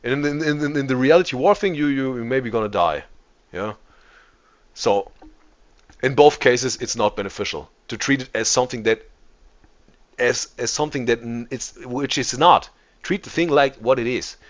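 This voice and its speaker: A man's voice: medium pitch, moderate pace, muffled recording. A man hosting a reaction video, talking casually and often repeating and restarting words. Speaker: host.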